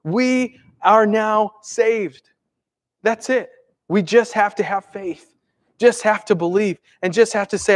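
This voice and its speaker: Speaking slowly in a high voice, a male pastor gives a conversational sermon, alternating animated emphasis with quiet, gentle asides.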